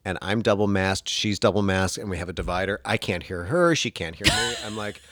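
Animated man telling a comic story. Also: fairly quick, dry recording. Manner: animated, acts out quoted voices in a higher pitch. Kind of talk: casual comedic storytelling.

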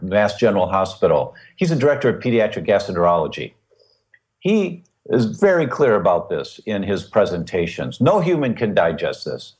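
Animated older-sounding man explaining with analogies. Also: lowish voice. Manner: animated, teacherly, explains with vivid analogies and repetition. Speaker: guest expert on gluten and health. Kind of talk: explanatory podcast interview.

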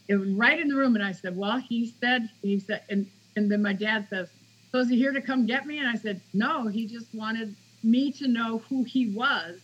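A woman's voice: on the high side, moderate pace, few pauses, a bit bright, husky, dull audio. A woman author, a podcast guest, telling a personal story in a casual interview and acting out the quoted dialogue.

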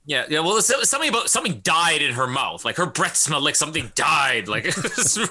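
A man's voice: fairly high pitch, big pitch swings, fairly quick, pushed and bright, slightly rough. A man co-hosting a podcast, chatting casually about a movie and laughing often. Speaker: podcast co-host.

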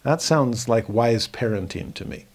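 A man's voice: mid-range voice, expressive, a little slow, darkish tone. A man teaching a scripture lesson in an earnest, explanatory way, raising his voice when he acts out quoted students. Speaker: religion teacher.

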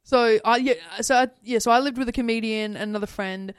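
A woman's voice: fairly high pitch, quick pace, clean tone. A young woman co-hosting a podcast, chatting casually in a rambling way and laughing often. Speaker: podcast co-host. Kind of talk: casual chat.

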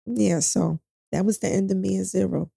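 This interview guest, a middle-aged woman from New York, shares a painful chapter of her life story frankly and with profanity, imitating the voices of the people she describes. Her medium-pitched voice is dark and breathy with vocal fry, holding a steady tone at a moderate pace in a dry studio recording.

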